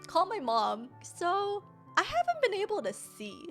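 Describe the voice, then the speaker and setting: Animated young woman telling a story. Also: very high-pitched, measured pace, faint music behind. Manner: animated, laughs often, slangy. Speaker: streamer. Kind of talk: casual storytelling.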